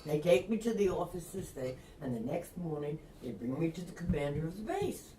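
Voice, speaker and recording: An older woman from Long Island, a retired reporter, telling a lively anecdote and acting out the voices of people in it. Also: low voice, moderate pace, slight background noise. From Long Island, New York. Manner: lively, acts out quoted voices, laughs often. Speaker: interview guest, retired reporter. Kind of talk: anecdotal storytelling. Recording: roomy, distant mic.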